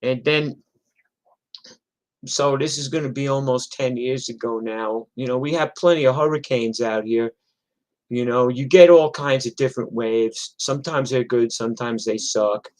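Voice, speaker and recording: A man's voice: mid-range voice, normal speed, darkish tone, low-quality recording. Rambling, profane middle-aged New man. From New York. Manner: rambling, profane, full of "like" and "you know". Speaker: musician telling stories. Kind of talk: casual storytelling monologue.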